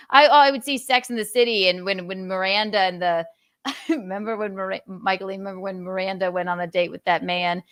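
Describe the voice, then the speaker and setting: A woman's voice: mid-range voice, fairly even intonation, fairly quick, fairly bright tone. A woman hosting a podcast in a casual chat, giggly and playful, slipping into silly quoted voices. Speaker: podcast host.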